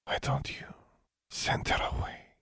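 A man voicing a scheming seductive woman in a breathy whisper, whispered role-play. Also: slow pace, sharp tone, dry recording, clean studio sound.

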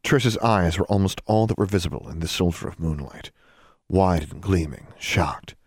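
Deep-voiced male audiobook narrator. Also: moderate pace, breathy edge, no echo, clean studio sound. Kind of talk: audiobook fiction reading.

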